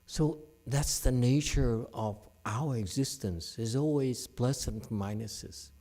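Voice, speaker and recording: Slow, mellow-voiced male Buddhist teacher. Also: medium pitch. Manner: frank and scolding, teases listeners by name, laughs often. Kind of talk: dharma talk to a live audience.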